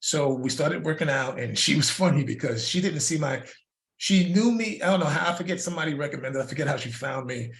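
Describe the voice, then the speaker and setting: An older man, a fitness coach, giving a casual lesson and telling stories in a lively way, with laughs and repeated words. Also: a little high, a little fast. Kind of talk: casual instructional talk. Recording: roomy echo.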